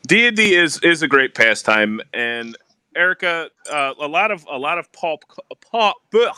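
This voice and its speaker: A man's voice: fairly high pitch, lively intonation, normal speed, bright, forceful tone, clear, resonant tone, no echo. A man co-hosting a casual stream chat, loose and laughing, swearing casually. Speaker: co-host.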